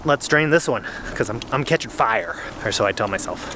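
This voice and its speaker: A man's voice: medium pitch, lively intonation, a little fast, sharp tone, slight background noise. Chatty, winded man on a golf course. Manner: chatty, self-deprecating. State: slightly out of breath. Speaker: golf vlogger. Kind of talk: casual talk to camera while golfing. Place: outdoor golf course in cold weather.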